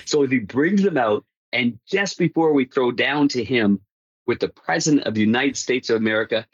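A hockey broadcaster recounts stories casually in an interview, his mid-range voice husky and expressive at normal speed. He rambles, restarts often and laughs at his own stories, on lo-fi audio with no echo.

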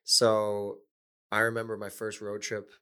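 Low-voiced retired player telling stories. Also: male voice, monotone, measured pace, pushed and bright, clean tone. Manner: anecdotal, chuckling, loose fillers. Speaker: former pro hockey player, guest. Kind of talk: casual storytelling chat.

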